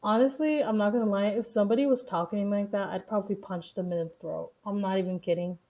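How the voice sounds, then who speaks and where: A woman streaming live and reacting to news clips in a loose, casual way. She talks bluntly and swears freely, laughing easily between remarks. Her voice sits at an ordinary middle pitch. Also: fairly even intonation, dark tone. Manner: profane, blunt, quick to laugh.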